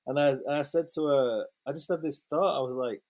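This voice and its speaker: A man, a photographer guest telling a lively, sweary anecdote in a casual interview and acting out the quotes. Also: mid-range voice, brisk.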